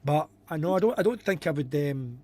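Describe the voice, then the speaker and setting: A man's voice: on the high side, lively intonation, brisk, darkish tone. A man co-hosting a live stream, chatting casually, repeating himself and reading out viewer comments. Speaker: podcast co-host.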